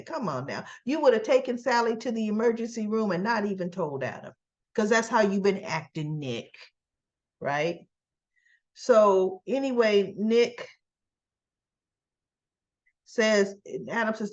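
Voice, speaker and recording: A woman's voice: medium pitch, unhurried, long pauses. Woman, soap recapper, chatty storyteller who acts out the quotes, muffled home recording. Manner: chatty, quotes characters in a lively retelling. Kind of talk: casual retelling of a soap episode.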